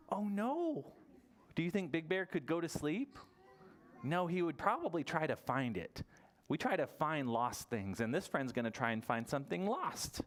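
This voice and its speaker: A man's voice: on the high side, lively intonation, moderate pace, fairly bright tone. A man leading a library toddler story time, talking in a playful, sing-song way and coaxing small children with questions.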